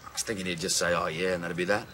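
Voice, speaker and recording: An actor playing an easygoing young man, a devoted son who talks in a chatty, gently coaxing way. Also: deep voice, flat delivery, rapid-fire, a little hiss or hum. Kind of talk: film acting.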